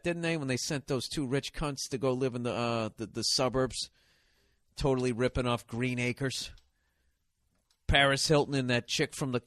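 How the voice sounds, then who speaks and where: A man's voice: mid-range voice, a bit bright, no echo. A man hosting a podcast, delivering a sarcastic, profane comedic rant. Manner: swears constantly, sarcastic and ranting. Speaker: podcast host.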